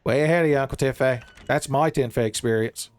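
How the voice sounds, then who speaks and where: A man giving casual, jokey let's-play commentary, rambling and breaking into excitable outbursts. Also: medium pitch, fast. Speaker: gaming streamer.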